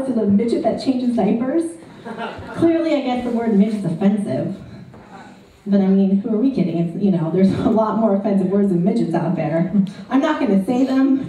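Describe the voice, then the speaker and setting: A woman's voice: mid-range voice, dark tone, very echoey, recorded from a distance, rough recording. A woman performing a stand-up comedy set in a club, chatty and ironic, full of "like" and "you know".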